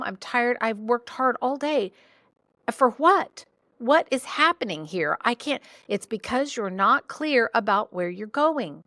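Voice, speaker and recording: A woman hosting a solo podcast, coaching listeners in an animated, playful way with jokey asides. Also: on the high side, dry recording, studio quality. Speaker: podcast host and business coach.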